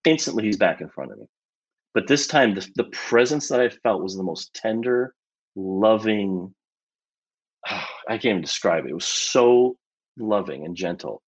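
A man being interviewed as a guest, telling a personal story in an animated way with lots of casual fillers. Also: on the low side, normal speed.

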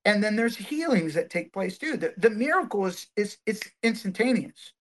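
A man, a guest minister, telling stories in a podcast interview, animated and full of fillers and restarts. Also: high voice, moderate pace.

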